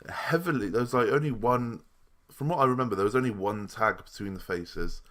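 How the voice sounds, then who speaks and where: A man's voice: fairly low pitch, brisk, a bit bright. A young man giving a casual, rambling review of a wrestling show. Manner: chatty and rambling, with restarts and asides.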